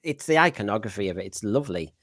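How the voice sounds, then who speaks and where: A man's voice: on the low side, lively intonation, fast, a bit bright, no echo, studio quality. Middlesbrough man hosting a chat stream. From Northeast England. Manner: rambling, reads out viewer comments with fillers. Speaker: podcast host. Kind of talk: casual livestream panel chat.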